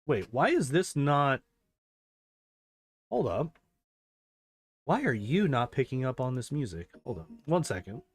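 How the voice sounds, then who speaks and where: A man's voice: mid-range voice, very animated, measured pace, pauses often, slightly rough. A man chatting casually and rambling while playing a game, swearing freely and laughing often. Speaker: gaming streamer.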